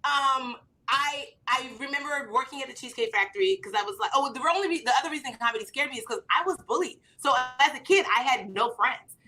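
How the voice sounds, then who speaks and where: A woman in her thirties, an author and comedian, telling animated stories in conversation and acting out quoted lines with big jumps in pitch. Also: quick pace, a little hiss or hum.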